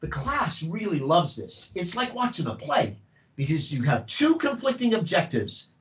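Middle-aged male drama teacher, lively workshop delivery, slightly raised pitch, swings up and down a lot. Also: normal speed, low-quality recording. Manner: animated, acts out student voices.

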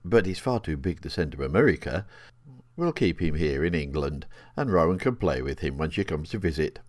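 A man voicing a friendly, practical elderly grandfather who talks in a brisk, matter-of-fact way. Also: rumbling low, expressive, no echo, clean studio sound.

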